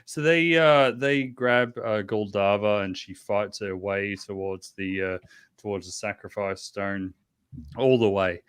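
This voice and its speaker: Halting man running a tabletop game. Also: fairly low pitch, a bit bright, smooth. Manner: halting, many restarts and fillers. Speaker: game master.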